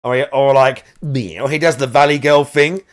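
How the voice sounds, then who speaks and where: Rambling male game streamer, mid pitch. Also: steady tone, a little slow. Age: adult parent. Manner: rambling, searches aloud for words. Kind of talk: casual live-stream chat.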